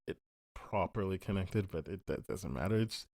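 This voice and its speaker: A man's voice: low voice, normal speed, gravelly, no echo, clean studio sound. A man co-hosting a podcast, chatting casually through a spoiler review and acting out characters' lines. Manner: rambling, acts out quotes in animated voices. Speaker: podcast co-host.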